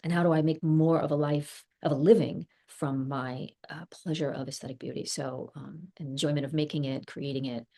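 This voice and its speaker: Low-voiced thoughtful actress. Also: female voice, steady tone, moderate pace, creaky, hardly any pauses, dark tone. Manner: thoughtful, rambling, laughs often. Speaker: actress guest. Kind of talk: casual interview chat.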